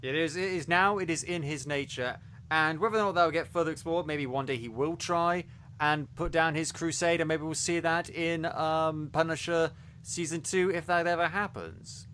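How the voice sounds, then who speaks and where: A male podcast co-host chats in a casual review, eager and rambling, with plenty of fillers and restarts. His voice sits a touch higher than most men's. A faint hiss of room noise runs underneath. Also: fairly even intonation, normal speed, pushed and bright. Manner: enthusiastic, rambling with many fillers.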